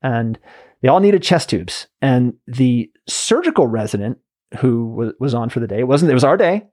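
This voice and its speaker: A man hosting a podcast in a relaxed, chatty way, speaking in a mid-range voice. His stories tumble out quickly and loosely. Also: medium pitch. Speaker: podcast host. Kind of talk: podcast conversation.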